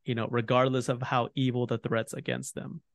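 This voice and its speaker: Man, podcast host, casual lore chat, rambling with fillers, mid-pitched voice, dry close sound. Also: little pitch movement, a little fast, no echo. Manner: rambling, heavy on fillers like "you know" and "like".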